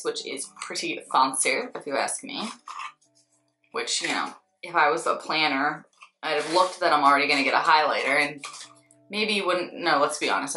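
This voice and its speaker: A young woman who is a beauty vlogger and makeup artist unboxes products, chatting candidly and adding wry asides. Her voice is on the low side but pushed and bright, recorded with a roomy echo and faint background music.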